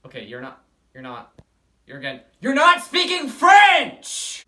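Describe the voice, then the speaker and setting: Exasperated tutor friend, played by a young man, school comedy skit; lively pitch, echoey room. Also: normal speed. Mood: apologetic. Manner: exasperated, increasingly frustrated. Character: impatient friend teaching French.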